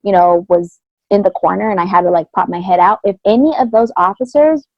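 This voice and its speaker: Gravelly-voiced woman telling her story. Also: medium pitch, brisk, no echo. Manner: candid, earnest retelling with blunt slang. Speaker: podcast co-host. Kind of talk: personal storytelling in casual chat. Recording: dry, slightly dull lo-fi sound.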